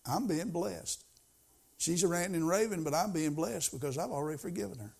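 A man's voice: a little high, a little fast, vocal fry, darkish tone, slightly rough. A middle-aged man preaching a sermon as pastor, in a folksy, conversational way that rises to emphasis.

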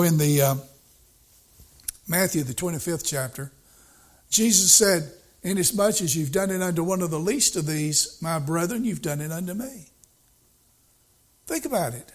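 A man's voice: on the high side, lively intonation, measured pace. A male preacher giving a sermon in a folksy, storytelling way, repeating his points for emphasis.

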